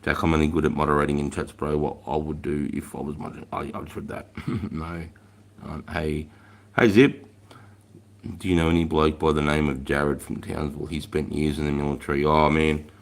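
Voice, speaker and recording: A middle-aged man with an Australian accent and a very low, deep voice tells stories on his livestream. He is blunt and profane and acts out the orders he once barked, then reads and answers chat in the same plain way. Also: little pitch movement, a little fast. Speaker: livestream host, ex-army instructor. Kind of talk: casual livestream storytelling.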